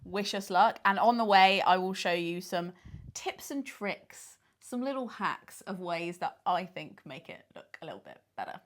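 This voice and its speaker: A woman's voice: fairly low pitch, big pitch swings, normal speed. A British woman vlogger explaining tips in a chatty, giggly way, filmed at home. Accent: British English. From United Kingdom. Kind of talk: casual tutorial chat. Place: indoor home filming space.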